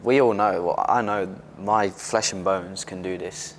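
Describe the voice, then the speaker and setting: Man, 20s, interview guest, deep voice, open, animated, frequent restarts. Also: unhurried, slight background noise. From Britain. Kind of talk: casual interview chat.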